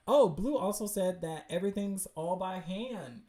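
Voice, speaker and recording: A woman hosting a livestream, chatting excitedly and cutting in with quick asides while reading webcomics. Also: lowish voice, roomy sound, a little hiss or hum. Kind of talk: casual livestream chat.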